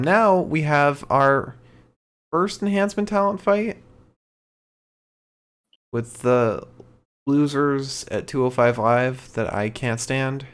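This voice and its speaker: A man co-hosting a podcast, casually recapping the show with lots of ums and easy laughs. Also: medium pitch. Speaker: podcast co-host.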